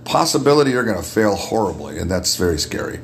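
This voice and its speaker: A man with a deep radio voice, a guest in a casual podcast chat, who often repeats words as he starts a thought. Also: big pitch swings, fast, a little hiss or hum. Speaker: guest, makeup artist.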